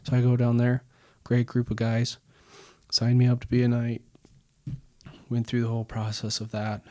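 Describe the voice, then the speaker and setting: A man's voice: mid-range voice, completely flat delivery, moderate pace, darkish tone, dry recording. A man in his thirties, a podcast guest, telling a personal story in a rambling way with many fillers. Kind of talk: casual storytelling.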